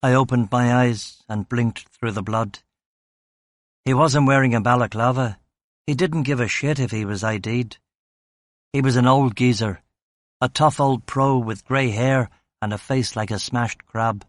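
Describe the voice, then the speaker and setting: A man's voice: medium pitch, unhurried, no room sound, clean studio sound. A male audiobook narrator reading first-person crime fiction in a terse, clipped style. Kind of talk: scripted narration.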